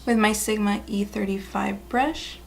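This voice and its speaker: Upbeat woman beauty vlogger with a creaky, fry-edged voice, chatting viewers through a tutorial. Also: medium pitch, fairly even intonation, measured pace, a little hiss or hum. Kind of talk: casual makeup tutorial narration.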